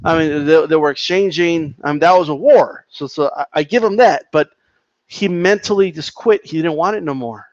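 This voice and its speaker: On a live stream, a man with a slightly high voice rants casually about boxing while reading the chat, swearing and repeating himself in heated bursts. He talks at a normal speed, and the recording is muffled with no room sound.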